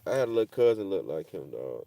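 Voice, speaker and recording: A man's voice: fast, vocal fry, no room sound. Slangy rambling man, dry close sound. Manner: slangy, repeats "bro" and "dog", rambling; swings from loud animated bursts to low somber mutter. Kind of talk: casual monologue.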